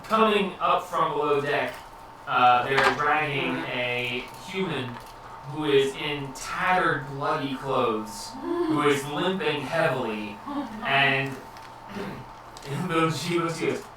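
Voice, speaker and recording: A man's voice: on the high side, takes it slowly, background noise. A man running a tabletop game as game master, describing scenes with stops and fillers. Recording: echoey room, far from mic.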